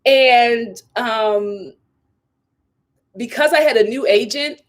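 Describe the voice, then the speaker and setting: A woman with a fairly high voice hosts her own vlog in a loose, casual chat. She tells her story with plenty of emphasis and slips into the voices of the people she quotes. Her delivery is animated and expressive. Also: takes it slowly. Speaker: vlog host and actress.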